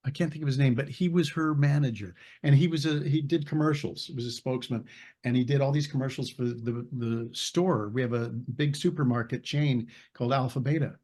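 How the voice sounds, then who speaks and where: A man's voice: medium pitch, a little fast, a little mellow. Older man telling rambling anecdotes. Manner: rambling, searches for names, laughs while telling stories. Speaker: actor, interview guest. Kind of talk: casual anecdotal storytelling.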